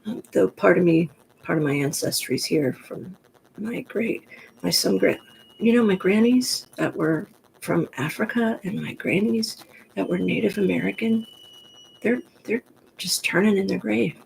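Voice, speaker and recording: A woman with a gruff, gravelly voice talks to her camera in a loose, rambling way. She grew up in the New York Pocono area and speaks frankly, drifting from one thought to the next, with faint noise in the background. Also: mid-range voice, a little slow, a little mellow, poor audio. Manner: chatty, digressive, frank. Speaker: vlogger. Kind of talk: casual rambling monologue to camera.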